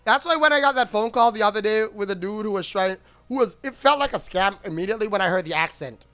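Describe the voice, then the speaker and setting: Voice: medium pitch, animated, quick pace, a bit bright, faint music behind. A streamer in a casual livestream rant, rambling and blunt, with frequent swearing.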